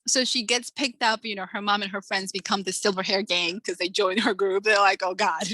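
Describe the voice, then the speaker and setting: A woman in her forties, an author, chatting in an interview and acting out quotes from her stories with lively energy. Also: medium pitch, a little fast, no echo, poor audio. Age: 40s. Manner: animated storyteller acting out quotes. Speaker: author, guest. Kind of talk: casual interview chat.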